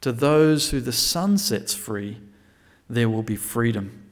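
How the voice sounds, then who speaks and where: A man's voice: mid-range voice, lively intonation, slow. A man preaching a sermon, reading scripture aloud and explaining it with frequent restarts and self-corrections. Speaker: pastor.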